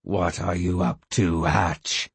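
A man voicing a flustered, protesting male board chairman in an audiobook, his voice husky. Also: low-pitched, little pitch movement, takes it slowly, no room sound, pitched below the performer's own voice, exaggerated voice. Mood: alarmed. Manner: alarmed, protesting.

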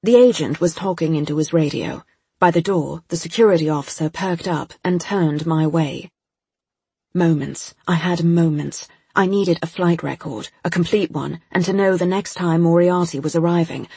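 A woman's voice: on the low side, moderate pace, creaky, dark tone, husky, no room sound. A woman narrating a first-person audiobook in a tense, urgent manner.

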